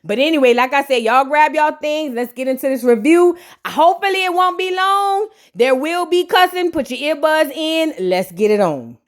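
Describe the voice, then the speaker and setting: Sassy high-voiced woman reviewer. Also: moderate pace, hardly any pauses. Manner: sassy, gossipy, slangy and animated. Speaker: reality TV reviewer. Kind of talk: casual reaction commentary.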